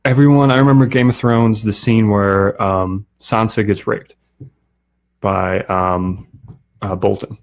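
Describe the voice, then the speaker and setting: A man talking as a podcast guest, relaxed and opinionated, with many fillers. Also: lowish voice, unhurried. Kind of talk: casual chat.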